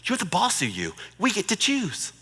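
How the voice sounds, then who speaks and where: A man's voice: sits high, wildly swooping pitch, moderate pace, breathy edge, in a large hall. A middle-aged man giving a humorous marriage talk in a joking, conversational way. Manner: joking, conversational, warmly persuasive. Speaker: marriage speaker.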